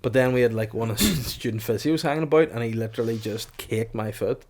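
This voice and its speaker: A man's voice: medium pitch, fast talker, darkish tone. A man, co-hosting a casual comedy podcast and telling crude stories with frequent laughter. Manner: crude storytelling, laughs often. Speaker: podcast co-host.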